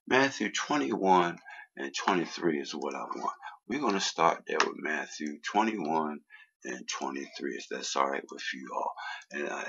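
A man preaching a sermon and praying, rising loud on key phrases, with many fillers. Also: very deep voice, slightly rough, highs cut off. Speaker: guest preacher. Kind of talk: sermon and prayer.

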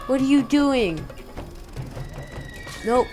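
A woman commentates a video game in a put-on, imitation Cockney accent. Her delivery is slow and unhurried, and she jokes and swears mildly as she plays. Game music plays clearly behind her. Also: medium pitch. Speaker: let's play host. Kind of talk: blind gameplay commentary.

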